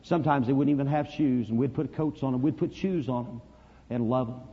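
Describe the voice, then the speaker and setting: A man preaching a sermon, telling a story dramatically and swinging from hushed to loud. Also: medium pitch, a little fast, husky. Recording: dull lo-fi recording, long reverb.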